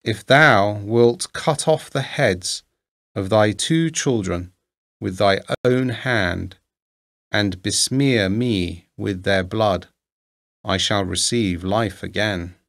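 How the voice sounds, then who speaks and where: A man's voice: fairly low pitch, takes it slowly, fairly bright tone. A man voicing a loyal, steadfast male servant in a storybook reading, speaking solemnly in formal old-fashioned words.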